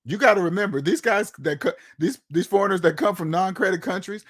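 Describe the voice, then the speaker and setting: A man speaks straight to his audience in a loose, unscripted monologue. His voice sits a little high for a man. He presses every point with emphasis, circles back over the same words, and keeps throwing rhetorical questions at the listener. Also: fairly quick, fairly bright tone. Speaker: channel host. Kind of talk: casual opinion monologue to viewers.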